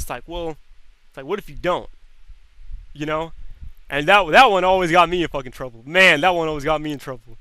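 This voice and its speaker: A man's voice: a little high, brisk, sharp tone, smooth, dry recording. A young man streaming, chatting casually and swearing freely, repeating words as he thinks aloud. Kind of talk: casual chat.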